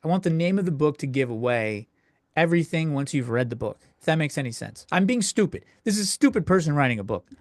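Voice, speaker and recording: A man's voice: on the high side, big pitch swings, fast talker, no echo, clean studio sound. A young man hosting a solo comedy podcast, ranting crudely and exasperatedly from home with frequent self-interruptions. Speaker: podcast host.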